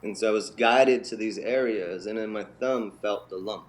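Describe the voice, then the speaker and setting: A man's voice: lowish voice, moderate pace. A man telling his life story as an interview guest, acting out the voices of the people in it. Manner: animated, acts out quoted voices. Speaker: interview guest, bodywork healer. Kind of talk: storytelling in conversation.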